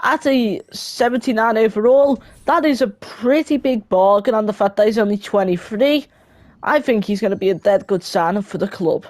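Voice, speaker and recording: Young gaming narrator, casual and chatty, mid-pitched voice, dry close recording. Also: a little mellow, dry recording. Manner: chatty, self-correcting, quick laughing asides. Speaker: gaming video creator. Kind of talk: casual voice-over of a football game career mode.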